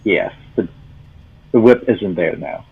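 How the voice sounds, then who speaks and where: A man with a very low voice narrates his turn in a tabletop storytelling game. He speaks slowly and haltingly, thinking aloud. The recording sounds dull and muffled. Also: breathy edge. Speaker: player.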